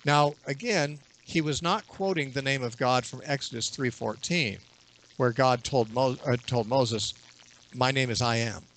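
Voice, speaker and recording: Male bible teacher, radio guest, steady explanatory delivery, mid-range voice. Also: mid-range voice, a little hiss or hum. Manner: explanatory, measured, quotes scripture at length. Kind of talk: radio interview.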